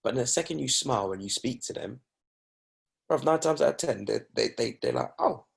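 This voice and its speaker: A man's voice: mid-range voice, expressive, fairly quick, vocal fry, breathy edge. A young man, a guest in a casual chat, telling stories in an emphatic, indignant way.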